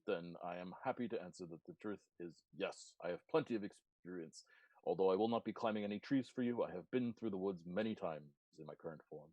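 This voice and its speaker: A man's voice: low voice, a little fast, dark tone, no room sound, highs cut off. A man voicing a formal, eloquent man cursed into a seal's form, speaking in stiff, courtly phrases during a tabletop game. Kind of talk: tabletop role-play voice.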